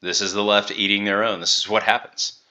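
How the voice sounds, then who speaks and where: A man's voice: on the low side, flat delivery, a little fast, pushed and bright, muffled recording. A man giving sarcastic, critical commentary while reacting to video clips.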